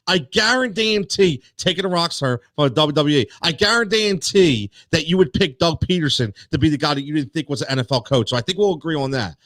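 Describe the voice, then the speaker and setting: Sports talk host, man, fired-up rant, higher voice, dry close sound. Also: very animated, brisk, hardly any pauses, fairly bright tone, dry recording. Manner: worked up, repeats words, many restarts.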